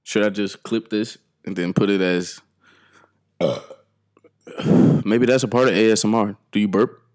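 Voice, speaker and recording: A man with a somewhat low voice hosts a casual podcast. He rambles from one thought to the next, jokes constantly and breaks into laughter. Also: measured pace, a little mellow. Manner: joking, laughing often, rambling. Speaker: podcast host.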